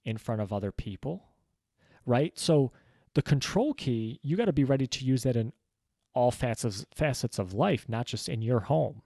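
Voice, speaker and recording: Young man, casual and meandering, mid-pitched, dry close sound. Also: animated, normal speed, vocal fry, darkish tone, dry recording. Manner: easygoing, rambling, many "like" fillers. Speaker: book reviewer. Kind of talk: casual book summary monologue.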